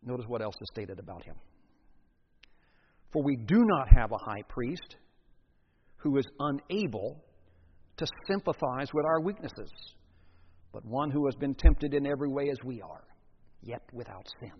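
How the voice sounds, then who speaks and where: A man's voice: mid-range voice, animated, measured pace, long pauses, slightly rough. A man preaching an expository sermon as pastor, earnest, with emphatic rises on key phrases. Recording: dull sound with long hall reverb.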